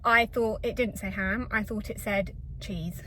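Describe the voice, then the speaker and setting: A woman from England, chatting and rambling to camera in a casual vlog from her car, self-deprecating and lively. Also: medium pitch, a little slow, a little hiss or hum, poor audio. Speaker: vlogger. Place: in her car in a retail park.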